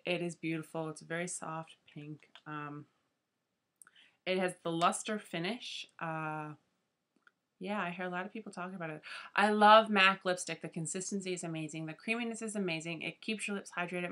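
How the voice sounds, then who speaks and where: A woman's voice: fairly low pitch, pushed and bright. A young woman from Canada chatting casually as a beauty vlogger, gushing and chatty, often saying "like" and "fabulous". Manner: chatty and gushing, says 'like' and 'fabulous' often. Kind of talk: casual chat.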